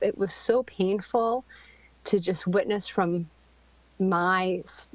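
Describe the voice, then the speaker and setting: A middle-aged woman telling a painful personal story in a podcast interview, halting and searching for words, with frequent ums and restarts. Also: medium pitch, no room sound. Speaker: guest. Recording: dry, slightly dull podcast audio.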